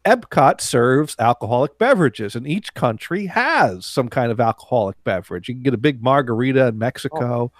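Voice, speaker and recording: A man's voice: mid-range voice, animated, a little fast, few pauses, no room sound, clean studio sound. A man telling a rambling anecdote to friends, with many fillers, restarts and laughs. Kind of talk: casual anecdote among friends.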